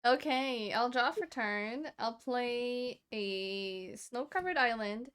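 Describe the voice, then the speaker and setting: Streamer lady, unhurried and playful, laughs a lot, smooth voice. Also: on the high side, fairly bright tone. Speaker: streamer and card game player. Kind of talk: casual game-night chat.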